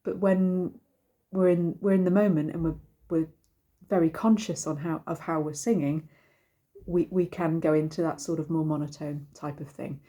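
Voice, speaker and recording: A middle-aged woman teaches singing in a casual, rambling way, full of ums and little restarts. Her voice sits a touch low and sounds soft and mellow rather than bright. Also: fairly even intonation, normal speed. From United Kingdom. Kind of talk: casual singing lesson to camera.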